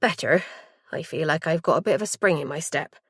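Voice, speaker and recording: A woman voicing a gentle, ailing older mother with a Cornish accent and a soft, lowered voice. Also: brisk, husky, no room sound, clean studio sound. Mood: cheerful.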